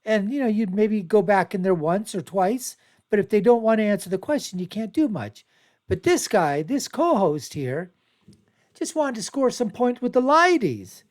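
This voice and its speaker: A man's voice: sits high, a little mellow. Rambling male show host. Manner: rambling, repetitive, emphatic. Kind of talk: casual commentary on video clips.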